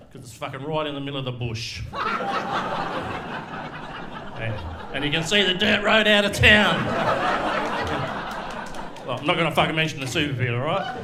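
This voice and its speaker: A man's voice: medium pitch, very noisy. A middle-aged man with an Australian accent doing a live stand-up set on a comedy club stage, crude and swearing as he teases the crowd. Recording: echoey live club room.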